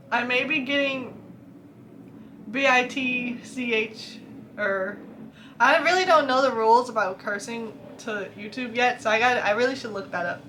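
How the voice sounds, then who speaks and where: Young woman, book vlogger; chatty, laughs a lot, bright tense voice with a slightly high pitch, light background hiss. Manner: chatty, laughs often, animated. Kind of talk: casual chat reacting to reviews.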